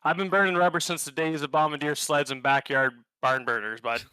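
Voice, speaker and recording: A man's voice: a little high, fairly even intonation, fairly quick, sharp tone, clear, resonant tone, no room sound, rough recording. A Canadian man giving a comic, alliterative trash-talk intro as a league racer. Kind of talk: scripted comic hype intro.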